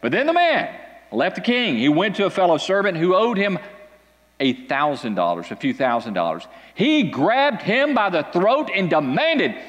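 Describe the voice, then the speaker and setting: A male pastor preaching in a church hall, his fairly high voice carrying a long reverb. He tells the story dramatically, swinging his pitch up and down. His delivery is lively and expressive. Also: moderate pace. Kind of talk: sermon.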